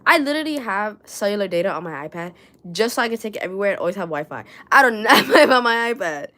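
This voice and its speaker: A woman's voice: medium pitch, big pitch swings, quick pace, sharp tone. A young woman with a New York accent, chatting casually and rambling on a crochet livestream from her room at home, swearing now and then and reading viewer comments aloud. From New York City.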